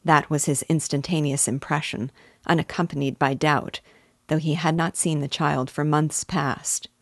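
A woman teacher reading a classic novel aloud in a measured, deliberate way. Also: low-pitched, steady tone, dry recording, studio quality.

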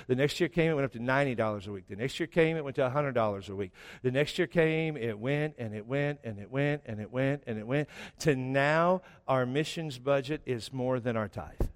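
A middle-aged male pastor preaching a sermon in a church, telling stories with rising emphasis. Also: a little high. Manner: animated storytelling with rising emphasis. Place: church sanctuary. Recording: long church reverb.

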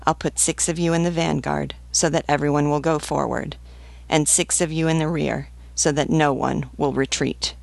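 Woman reading calm male commander, dry gravelly tone. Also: deep voice, dry recording. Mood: decisive. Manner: measured, decisive. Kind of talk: audiobook reading.

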